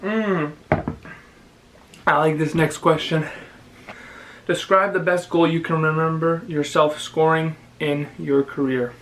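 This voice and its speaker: A young man from Canada, a vlogger, chatting casually and giving advice, pausing now and then to chew. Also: fairly high pitch, slight background noise, rough recording. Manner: relaxed, chatty, with pauses to chew. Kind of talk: casual chat while eating.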